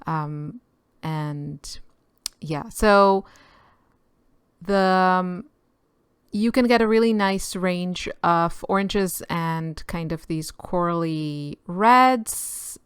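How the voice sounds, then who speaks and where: A woman's voice: fairly low pitch, extremely slow, clear, resonant tone, no echo, clean studio sound. A woman host giving a casual voice-over narration, chatty and musing as she thinks aloud with small asides. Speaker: artist and channel host. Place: quiet room, recorded apart from the filmed footage.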